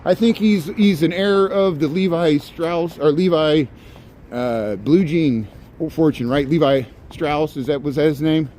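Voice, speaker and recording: Guy rambling on a street livestream, bit high voice, light traffic hum behind. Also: measured pace, mellow. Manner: rambling, chatty, greets viewers by name. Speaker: livestream walking tour host. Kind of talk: casual livestream chat while walking. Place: city street outdoors. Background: faint street and traffic noise.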